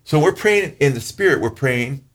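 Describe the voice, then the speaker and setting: A pastor preaching to his congregation in an earnest, conversational way. His voice climbs sharply when he stresses a point. He slows down for scripture passages. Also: expressive. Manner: earnest, rises in pitch for emphasis, slows when reading scripture. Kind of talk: sermon teaching.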